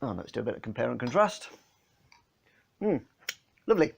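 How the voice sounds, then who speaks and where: A man's voice: mid-range voice, very animated, a little fast, gravelly, breathy edge. A man from England chatting casually through a beer tasting, filmed on his phone, with a homely manner and lots of fillers. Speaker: beer vlogger. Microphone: phone camera.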